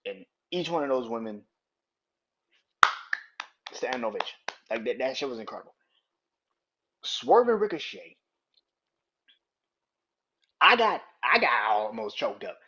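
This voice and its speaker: A man's voice: mid-range voice, very animated, a little slow, long pauses, pushed and bright, lo-fi sound, a little hiss or hum. A man in his thirties hosting a podcast, ranting heatedly about wrestling with lots of profanity. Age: 30s. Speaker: podcast host. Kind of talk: casual wrestling rant.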